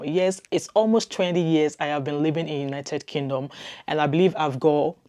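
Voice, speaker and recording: A woman's voice: low-pitched, fairly even intonation, brisk, a little mellow. A middle-aged woman from Nigeria with a heavy Nigerian accent, talking casually to her camera in a chatty, reassuring way and repeating points for emphasis. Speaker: vlogger.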